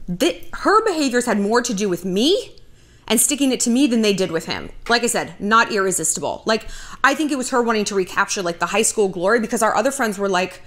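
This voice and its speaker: A woman's voice: medium pitch, lively intonation, fairly quick, fairly bright tone. A woman in her thirties hosting a vlog, telling a personal story to the camera in a blunt, profane way with dry sarcasm. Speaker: vlog host.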